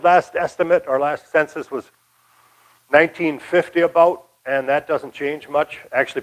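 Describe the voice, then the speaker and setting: A man's voice: on the high side, low-quality recording. An older man from Michigan giving a casual, rambling local history talk, folksy with many fillers. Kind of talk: casual lecture.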